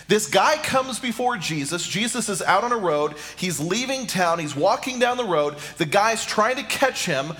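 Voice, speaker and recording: A man's voice: high voice, sharp tone. A middle-aged man preaching a sermon as pastor, repeating rhetorical questions and speaking straight to his listeners.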